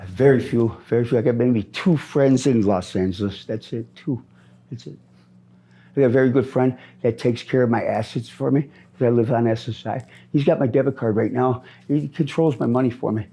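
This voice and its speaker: Rough-voiced middle-aged man, rambling and angry. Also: mid-range voice, normal speed, mellow. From Minnesota. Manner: rambling, angry, repeats himself, says "man" a lot. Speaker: interviewee. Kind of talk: street interview. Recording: outdoor street interview.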